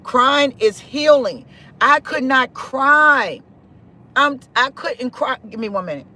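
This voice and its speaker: A man's voice: very high-pitched, animated, slow pace, sharp tone, slight background noise. A man in his forties giving an emphatic, preachy spiritual talk on a live stream, often repeating his phrases.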